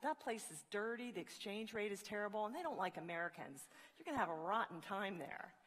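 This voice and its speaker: A woman's voice: medium pitch, expressive, a little fast, a bit bright, husky, voice pushed down. A woman playing a snarky, negative hairdresser who dismisses everything with scorn, in a big echoing hall. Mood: scornful. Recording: long reverb of a large hall.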